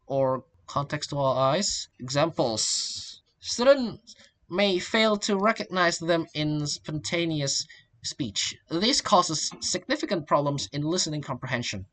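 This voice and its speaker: A young man, a student giving a class presentation, halting and often restarting his phrases. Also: on the high side, fairly bright tone. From Indonesia. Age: young adult. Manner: halting, repeats and restarts phrases, links points with "and then".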